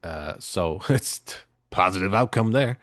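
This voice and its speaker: A man co-hosting a casual podcast chat, his voice sitting a little low. He tells a story in a loose, rambling way and swears freely. The sound is dry and close, with no room echo. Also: lively intonation, unhurried. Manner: rambling, profane storytelling with acted-out quotes. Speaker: podcast co-host.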